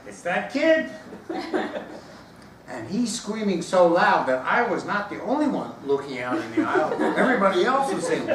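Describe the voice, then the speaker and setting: Man, storytelling speech, lively pitch, echoey room, noisy background. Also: measured pace. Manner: animated storyteller, acts out voices. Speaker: speaker giving a speech. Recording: roomy echo, distant mic, background noise.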